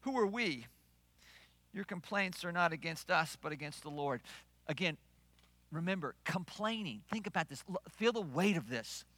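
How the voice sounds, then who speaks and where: A male pastor preaching a sermon, swinging from loud declarations to hushed asides and playing out the voices he quotes. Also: on the high side, animated, moderate pace, dry recording.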